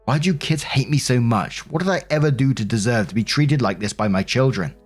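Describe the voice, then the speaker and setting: A man's voice: mid-range voice, fairly quick, slightly rough, soft background music, lightly acted. A man voicing a self-pitying, defensive middle-aged mother who complains in a whiny, indignant, sarcastic way.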